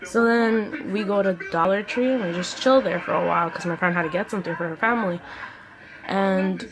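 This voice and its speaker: A young woman telling a story-time vlog in a chatty, animated way, full of "like"s. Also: mid-range voice, a little fast. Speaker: vlogger. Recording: music playing behind the voice. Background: music.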